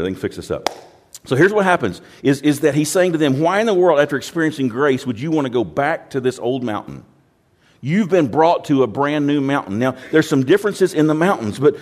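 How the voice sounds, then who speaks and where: A man's voice: mid-range voice, darkish tone. A male pastor preaching a sermon in a plain-spoken way, often repeating words and acting out quoted voices.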